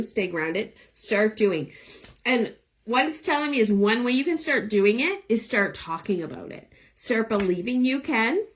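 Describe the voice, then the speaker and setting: A woman's voice: on the high side, a bit bright. A young woman, who is losing her voice, gives chatty, encouraging tarot readings live into a phone above her eye level. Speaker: tarot reader. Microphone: phone held above eye level.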